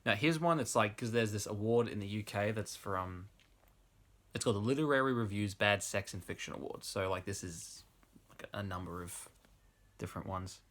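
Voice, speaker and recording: A low-pitched young man gives a comic reading of trashy fiction. He laughs his way through the lines and drops into relaxed, offhand remarks between excerpts. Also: normal speed. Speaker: host reading fan fiction aloud. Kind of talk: comic dramatic reading with asides.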